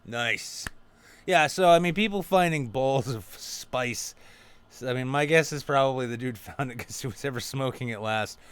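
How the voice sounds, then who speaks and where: A man's voice: medium pitch, moderate pace, fairly bright tone, clean tone, no room sound. A man hosting a podcast, telling rambling, profane anecdotes full of quoted dialogue. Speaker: podcast host. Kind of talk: casual storytelling chat.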